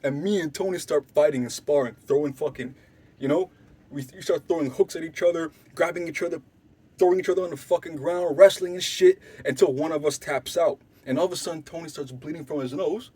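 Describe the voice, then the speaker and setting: A young Canadian man with a slightly high, somewhat rough voice talks fairly quickly as he tells a wild story in casual slang. He swears freely and animatedly acts out other people's lines, going loud and soft.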